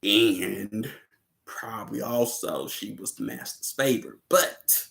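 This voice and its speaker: A man's voice: fairly low pitch, slow pace, vocal fry, a bit bright. A man hosting a casual livestream about a film, laid-back, laughing often and chatting with viewers. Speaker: host discussing a film.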